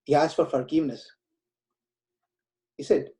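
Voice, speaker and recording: A man's voice: on the high side, unhurried, pauses often, dark tone. A man giving a scripture lecture, retelling a story in an earnest, explanatory way. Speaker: spiritual lecturer.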